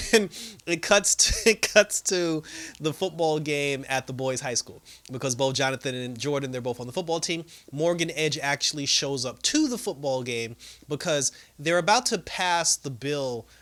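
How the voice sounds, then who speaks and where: A young man casually recapping a TV episode in a chatty, loose way, full of fillers and quick laughs. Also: medium pitch, bright, forceful tone. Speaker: TV episode reviewer.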